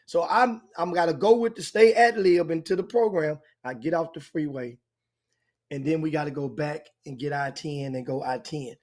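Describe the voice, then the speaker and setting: An older man with a drawl spins a long, meandering story as a talk show host. His voice sits a little high, and he circles back on himself as he talks. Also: normal speed. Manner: animated, rambling anecdote with frequent restarts. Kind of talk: casual storytelling chat.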